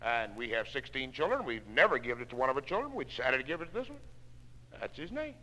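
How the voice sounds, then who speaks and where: A man's voice: mid-range voice, big pitch swings, fast, pushed and bright, pitched below the performer's own voice, heavily acted. A man doing a matter-of-fact country mother. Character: calm plain-spoken country mother. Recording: reverberant hall on a 1960s spoken-word record.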